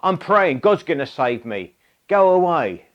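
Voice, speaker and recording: A man's voice: a little high, sing-song, unhurried, dull audio. A preacher putting on a stubborn man refusing rescue. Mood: irritated. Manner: insistent, exasperated pleading. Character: stubborn praying man in a flood, irritated.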